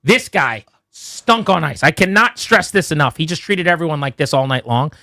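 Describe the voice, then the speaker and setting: Male radio host, animated storyteller, dry studio sound. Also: a little high, moderate pace, gravelly, no echo. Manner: animated storytelling, many "like" fillers. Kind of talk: sports radio banter. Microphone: studio microphone.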